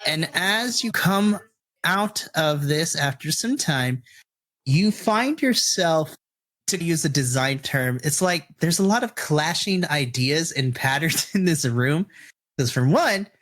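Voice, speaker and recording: A man's voice: a little high, lively intonation, takes it slowly, a bit bright. A man narrating a tabletop game as dungeon master in a loose, chatty way.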